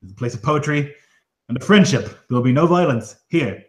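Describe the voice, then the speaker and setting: A man's voice: mid-range voice, expressive, a little fast, pitched above the performer's own voice, lightly acted. A man voicing a flustered, self-important male village elder who insists on peace in his hall. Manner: pleading, insistent, indignant. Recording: echoey room.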